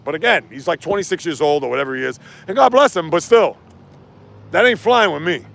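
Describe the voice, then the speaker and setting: A man hosting a casual sports livestream outdoors while walking, ranting and reading chat comments in an animated way. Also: on the high side, a little fast, creaky.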